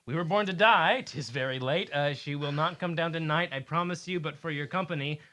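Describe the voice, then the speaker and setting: A man's voice: fairly high pitch, brisk, sharp tone, pitched below the performer's own voice. A man playing a blustering older nobleman and father in a comedic table read, stumbling theatrically through his lines.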